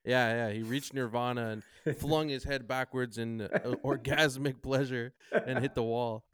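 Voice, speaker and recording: A man from Canada co-hosting a podcast, making deadpan quips in casual chat. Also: mid-range voice, moderate pace, clean tone. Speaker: podcast co-host.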